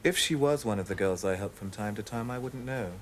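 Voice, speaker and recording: An actor playing a smooth, sly, flirtatious male club owner in a TV drama. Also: fairly low pitch, fairly quick, slight background noise, lightly acted. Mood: smarmy. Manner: smarmy, flirtatious.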